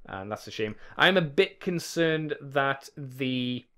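A man's voice: medium pitch, animated, takes it slowly, fairly bright tone. A man co-hosting a casual podcast, rambling along, swearing easily and chuckling often. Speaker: podcast co-host. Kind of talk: casual chat.

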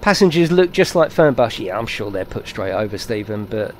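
A man giving excitable, chatty live commentary while streaming a game and talking to his viewers. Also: lowish voice, normal speed, a little hiss or hum.

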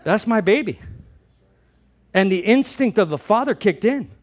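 Impassioned preacher man, higher voice. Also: animated, measured pace, some chatter behind. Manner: impassioned storytelling preacher, swings from loud to hushed. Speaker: pastor. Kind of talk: sermon.

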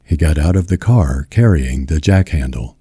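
A man with a deep voice narrating a novel as an audiobook in a slow, measured reading. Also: animated, warm tone, breathy edge, no echo, clean studio sound. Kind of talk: scripted narration.

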